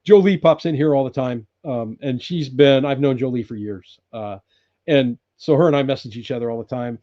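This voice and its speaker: An older man from California hosting a casual live chat from his off-grid cabin, rambling and laughing often as he greets viewers loudly. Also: medium pitch, normal speed, lo-fi sound. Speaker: live-stream host.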